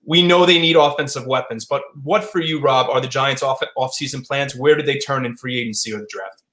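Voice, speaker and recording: Sports show host, a man with a mid-pitched voice, recorded with a roomy echo. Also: a little fast, a bit bright. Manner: leads the panel, hands questions to co-hosts. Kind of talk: hosting a sports panel show.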